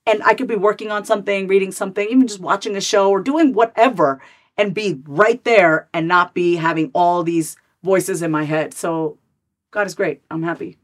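A woman in her thirties talks as a guest in a candid podcast interview. She speaks in quick, lively bursts, scattered with "like" and restarted words, while her pitch sits in an ordinary middle range. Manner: animated, fast, many "like" fillers and repeated starts. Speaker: podcast guest, therapist and author.

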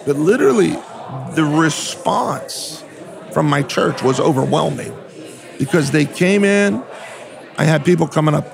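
A man with a higher, gravelly voice who talks like a pastor, hammering his points with fiery, preacherly emphasis. Crowd chatter carries on behind him throughout. The setting sounds like a lively event floor. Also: normal speed. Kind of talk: casual interview talk.

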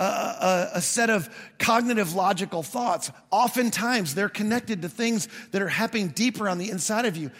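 A man's voice: high voice, a bit bright. A man preaching a sermon as pastor, in a conversational, storytelling way with touches of humor. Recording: long hall reverb.

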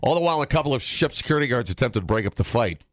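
A man's voice: medium pitch, expressive, very fast, no echo, clean studio sound. A man hosting a morning radio show, reading news items aloud with sarcastic wisecracks in casual banter.

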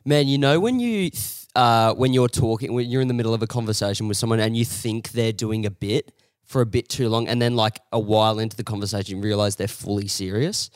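A man tells meandering anecdotes, full of asides. His voice sits a little low. The close mic keeps the sound dry. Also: brisk, no room sound. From Australia. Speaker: comedian podcast co-host. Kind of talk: casual comedic chat.

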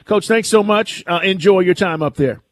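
A fairly high-voiced male co-host keeps it easygoing on a casual sports radio show. He drops short reactions and handles the segment wrap-ups. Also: normal speed, no echo.

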